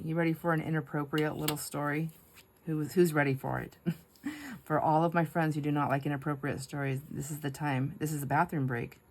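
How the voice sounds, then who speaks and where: A middle-aged woman chatting casually while she crafts, telling stories with frequent laughter and asides to her viewers. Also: sits low. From United States. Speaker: craft vlogger.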